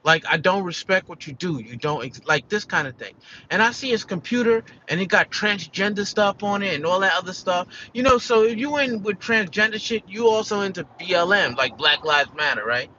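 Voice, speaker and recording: A man's voice: high voice, expressive, brisk, pushed and bright, muffled recording, a little hiss or hum. An American man venting in a casual, rambling vlog rant, peppered with "like" and "you know" and swearing. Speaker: vlogger.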